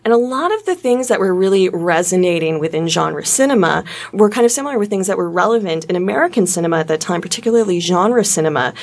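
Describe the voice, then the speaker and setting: A woman's voice: lowish voice, expressive, quick pace, few pauses. A woman from Canada, co-hosting a podcast and talking through film history in an analytical way, with mocking asides. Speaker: podcast co-host. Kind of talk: casual film discussion.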